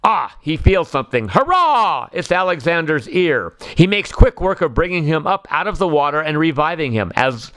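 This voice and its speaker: Man, children's story narration, expressive reading, smooth clear voice, dry close sound. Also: fairly high pitch, normal speed, hardly any pauses, dry recording.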